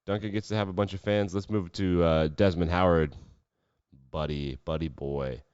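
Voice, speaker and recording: A man with a lowish voice talks through the weekend's sports news in a relaxed, sarcastic way, tossing off dry asides. The sound is dull and slightly lo-fi, with a close, dry feel and no room echo. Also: normal speed, clean tone. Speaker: sports podcast host. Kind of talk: casual sports commentary.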